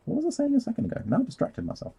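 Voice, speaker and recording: A man's voice: very high-pitched, wildly swooping pitch, very fast, gravelly, warm tone, a little hiss or hum. A man rambling casually on a live stream while painting, easily sidetracked and laughing at himself.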